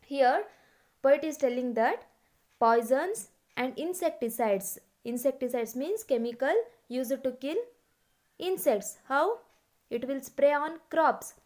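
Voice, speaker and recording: A woman's voice: high voice, lively intonation, darkish tone. A woman, teaching a class and explaining a poem word by word. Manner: slow, deliberate word-by-word explaining. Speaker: English teacher.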